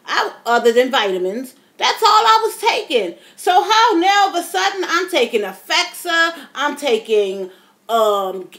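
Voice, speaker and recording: Chatty high-voiced woman in her fifties. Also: big pitch swings, unhurried, a bit bright. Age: 50s. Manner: chatty, addresses viewers as y'all, dramatic retelling. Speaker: vlogger. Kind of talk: casual storytelling to camera.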